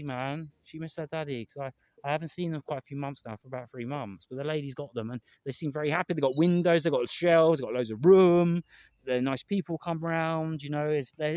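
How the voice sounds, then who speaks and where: Earnest, fast-talking man. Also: a little high, a little mellow, no room sound, highs cut off. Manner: emotional, earnest, repeats himself, swears. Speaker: vlogger. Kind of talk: casual rambling monologue to camera.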